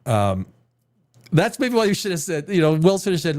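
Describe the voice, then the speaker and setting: A man's voice: a little high, sing-song, normal speed, darkish tone. A man hosting a live stream show, chatting casually at his desk, rambling and sarcastic, swearing now and then and mocking others in put-on voices. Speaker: podcast host. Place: home room, sitting at a desk chair.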